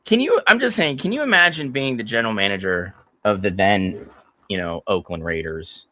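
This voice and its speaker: A man co-hosting a podcast, telling stories in a lively, profane, casual way. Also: lowish voice, moderate pace, no room sound. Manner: animated, profane storytelling. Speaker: podcast co-host. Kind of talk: casual chat.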